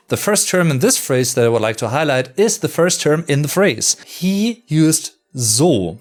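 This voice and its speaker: German guy with an accent explaining grammar stuff, slows down on the german words, faint music behind. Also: fairly high pitch. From Sauerland, Germany. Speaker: host. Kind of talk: language analysis commentary.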